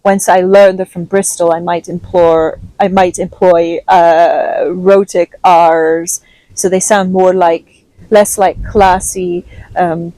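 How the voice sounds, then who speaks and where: A woman's voice: fairly low pitch, level tone, slow pace, warm tone, no room sound, poor audio. A woman with a transatlantic accent reading a story aloud expressively, then chatting casually and self-deprecatingly with her listeners. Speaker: audiobook reader.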